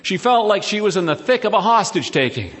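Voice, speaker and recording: Male storyteller, high voice, dry wry reading. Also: very animated, brisk, noisy background.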